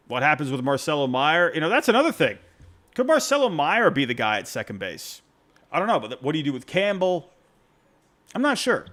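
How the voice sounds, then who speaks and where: A man with a fairly high speaking voice hosts a casual postgame sports show and plays fan voicemails. He rambles, restarts his sentences and jumps around in pitch. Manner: rambling, self-interrupting, animated. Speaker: podcast host taking fan calls.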